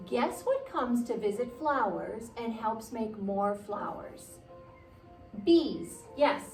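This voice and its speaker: A woman guiding children through a yoga class, gently encouraging and playful, sometimes making animal noises. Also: on the high side, lively intonation, slow pace, recorded from a distance. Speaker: kids' yoga teacher. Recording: roomy sound from away from the mic with soft music.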